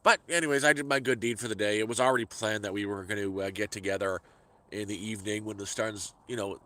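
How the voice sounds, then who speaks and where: A man's voice: fairly low pitch, fairly even intonation, quick pace, pushed and bright, no room sound. Exasperated man ranting into his phone. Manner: exasperated, ranting, repeats words. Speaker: vlogger. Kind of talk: casual storytelling vlog. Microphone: phone held by hand.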